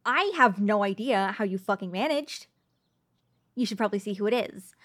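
A woman's voice: medium pitch, moderate pace, a bit bright, natural voice. A woman voicing a sarcastic, irritable young woman in an audio role-play, curt and full of swearing. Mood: accusing.

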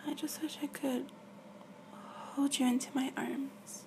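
A woman in a whispered role-play as a girlfriend on a video call, talking softly and affectionately and often dropping to a whisper. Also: high-pitched, level tone, measured pace, gravelly, noisy background.

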